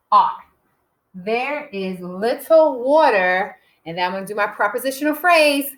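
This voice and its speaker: A woman kindergarten teacher giving a recorded writing lesson, slowly sounding out words and spelling them letter by letter in a patient, encouraging way. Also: medium pitch, fairly bright tone, low-quality recording. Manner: patient and encouraging, often checks with "okay?".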